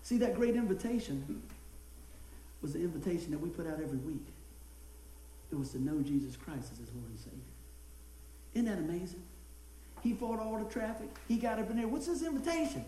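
A man's voice: sits high, a little fast, pauses often, echoey room, a little hiss or hum, poor audio. A man preaching a sermon as pastor, telling a story with lots of laughter. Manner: storytelling, animated, laughs often.

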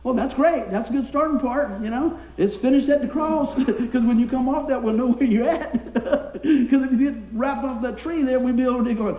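A man's voice: very high-pitched, normal speed, few pauses, mellow, reverberant. A man preaching a sermon in a folksy way, telling a funny personal story and laughing as he goes.

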